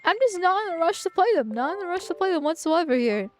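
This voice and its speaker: Woman streamer, fairly high voice, loose rambling chat with restarts. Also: big pitch swings, fast talker, a little hiss or hum. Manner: rambling, with frequent restarts and fillers. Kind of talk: casual game-stream chat.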